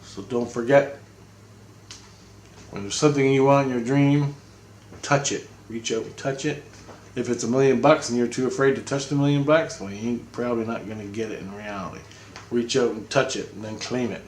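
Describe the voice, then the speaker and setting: A man's voice: medium pitch, fairly even intonation, moderate pace, darkish tone, slight background noise. Rambling blunt man in an echoey room. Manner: rambling, blunt, swears freely. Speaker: spiritual vlogger. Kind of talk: casual spoken video update.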